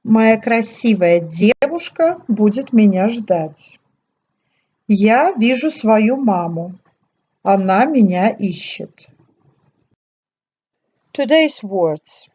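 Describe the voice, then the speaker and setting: A woman teacher giving a scripted language lesson, speaking slowly and carefully. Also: medium pitch, expressive, dark tone, husky, dull audio. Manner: slow, careful, deliberate delivery.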